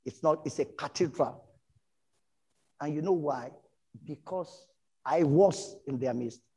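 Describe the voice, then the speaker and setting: A middle-aged man from Nigeria with a Nigerian English accent, preaching a sermon and telling stories from his own life, animated and breaking into shouts. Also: fairly high pitch, slow pace, breathy edge, rough recording. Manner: animated storytelling, bursts into shouts. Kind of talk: sermon with personal testimony.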